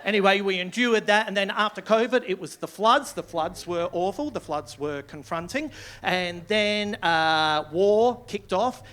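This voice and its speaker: On a comedy club stage with a live audience laughing, a stand-up comedian with an Australian accent performs in a high-pitched, fairly bright, unhurried voice. He's sardonic and swears, working himself into mock outrage.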